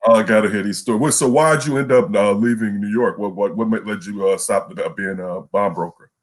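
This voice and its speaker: A man's voice: fairly low pitch, brisk. A man co-hosting a sports talk show, cutting in with playful, teasing remarks and questions. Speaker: co-host. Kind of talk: casual chat.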